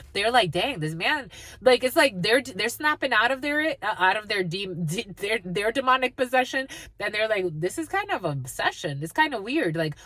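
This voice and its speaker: Her voice sits at medium pitch with a fairly bright tone, and the recording has no room sound. This spiritual reader delivers a channeled energy reading full of profanity, speaking bluntly, cursing nonstop, and occasionally laughing at what she's saying.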